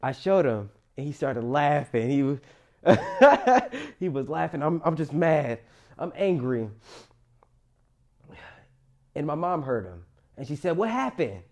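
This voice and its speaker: Young man, motivational storyteller, warm low-key timbre, emotional personal monologue. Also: a little slow, long pauses. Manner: emotional, rises loud then drops quiet.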